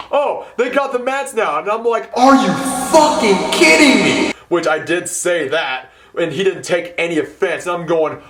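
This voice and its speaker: Young male vlogger, slightly high voice, rants about his job with lots of swearing, drops to mutters, then bursts out loud. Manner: storytelling with swearing, swings between mumbled asides and loud outbursts. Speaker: hotel event setup worker. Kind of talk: casual ranting vlog.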